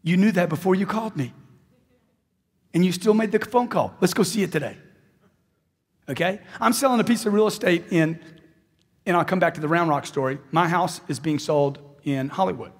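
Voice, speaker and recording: A man's voice: high-pitched, normal speed, pauses often, breathy edge, big-room sound. A man giving a live sales seminar speech, intense and emphatic, repeating phrases for punch. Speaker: motivational sales speaker.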